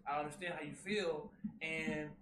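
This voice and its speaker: A man co-hosting a casual show, recapping a movie excitedly, repeating himself and jumping in over his co-host. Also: a little high, normal speed, faint music behind. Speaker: podcast co-host. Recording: echoey room with faint hum.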